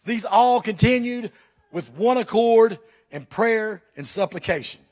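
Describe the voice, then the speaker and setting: A man's voice: high-pitched, animated, unhurried, darkish tone. A pastor preaching a fervent sermon to his church, firing questions at the congregation.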